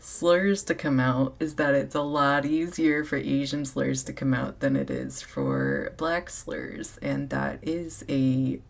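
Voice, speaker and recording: A speaker with a gravelly, creaky voice talks casually and earnestly, thinking things through aloud. The delivery is reflective and unhurried, with a mid-range pitch. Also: lively intonation.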